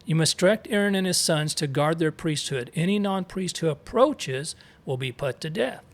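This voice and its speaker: A man leads a relaxed scripture discussion, reading passages aloud and pausing to sound out Hebrew terms. His voice sits somewhat high for a man, and he keeps it conversational with frequent asides. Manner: reads verses aloud, sounds out Hebrew words, explains with asides. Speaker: co-host teaching scripture. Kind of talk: casual Bible study discussion.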